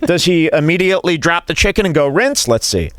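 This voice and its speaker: Male host, incredulous mocking rant, very animated pitch, dry close sound. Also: fast talker, no room sound. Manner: incredulous, ranting, mock-quoting others. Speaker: show host reacting to a clip. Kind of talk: mocking commentary over a video.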